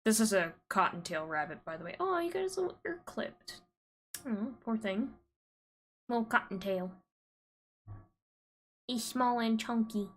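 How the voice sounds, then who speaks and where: A woman's voice: a little high, big pitch swings, normal speed, slight background noise. Chatty Southern-accented woman streamer. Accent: American Southern. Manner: chatty, rambling asides. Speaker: game streamer. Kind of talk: casual game stream chat.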